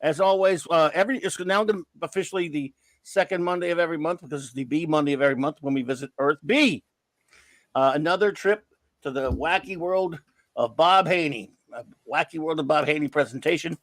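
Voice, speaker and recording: A man's voice: fairly high pitch, brisk, fairly bright tone, no echo. Playful rambling man with a Cajun accent. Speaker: podcast host. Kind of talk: casual livestream chat.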